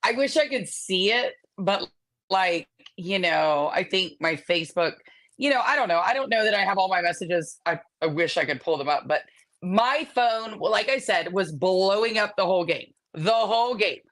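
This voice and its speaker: A woman co-hosting a sports podcast, telling a story in a sassy, animated way. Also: medium pitch, normal speed. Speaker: podcast co-host.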